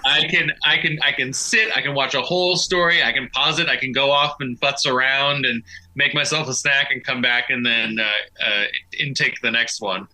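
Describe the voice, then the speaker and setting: Bright, animated male voice actor. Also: mid-range voice, normal speed, slight background noise, low-quality recording. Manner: animated, self-deprecating storyteller. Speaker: voice actor guest. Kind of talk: interview.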